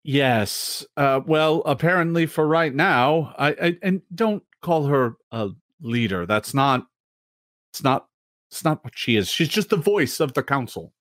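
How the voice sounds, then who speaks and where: A man doing an earnest deep gnome guide woman. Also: animated, unhurried, a bit bright, no echo, studio quality. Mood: correcting.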